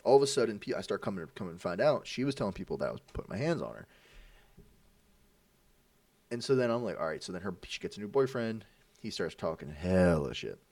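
An animated young man telling a long story in casual podcast talk, his fairly low voice swooping up and down as he acts out what people said. The sound is dry, as if he sits a little back from the mic. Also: fast, long pauses, no room sound, recorded from a distance. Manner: animated, acts out quoted voices, swears a lot.

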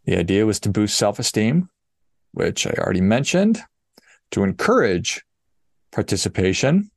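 A middle-aged man hosting a podcast, telling a story in a casual, animated and exasperated way. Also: on the low side, normal speed, gravelly, no echo, clean studio sound. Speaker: podcast host.

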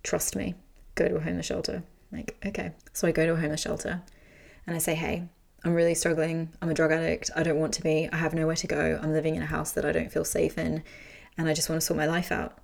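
Low gravelly woman telling her story. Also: quick pace. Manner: frank, animated, swears freely. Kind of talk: casual personal storytelling.

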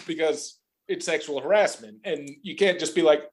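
A man's voice: high voice, expressive, brisk, few pauses. A man hosting a political podcast, talking casually and sarcastically, often mimicking others in exaggerated voices. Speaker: podcast host.

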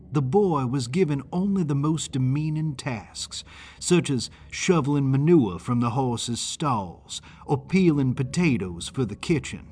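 A man reading first-person audiobook narration in a measured, deliberate way. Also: mid-range voice, a little mellow, slight background noise.

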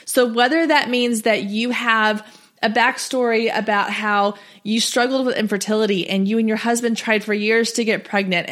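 A woman in her thirties talks straight to her listeners in a solo podcast episode. Her voice sits a little high, and her delivery is direct, chatty and encouraging, with quick lively asides. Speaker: podcast host and business coach for photographers. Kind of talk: solo podcast coaching talk.

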